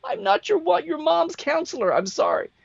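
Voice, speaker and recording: A woman's voice: very high-pitched, very animated, moderate pace, vocal fry, no echo, highs cut off, pitched above the performer's own voice, full character voice. A man acting out a harried woman store clerk who stays polite while exasperated.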